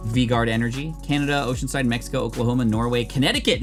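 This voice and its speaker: A man's voice: mid-range voice, fairly even intonation, quick pace, few pauses, soft background music. A man chatting casually on a live stream, upbeat and reading out his chat. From United States. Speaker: streamer opening card packs.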